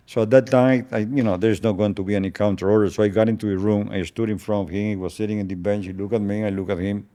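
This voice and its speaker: An older man whose first language is Spanish recounts a past event in an interview, telling it slowly and solemnly, often stopping and repeating words. His voice is fairly low, mellow, with fairly even intonation.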